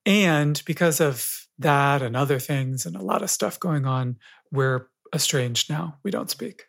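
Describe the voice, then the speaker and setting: A podcast guest giving calm, reflective advice in a thoughtful conversational way. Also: medium pitch, a little slow, vocal fry. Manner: calm, reflective, laughs easily.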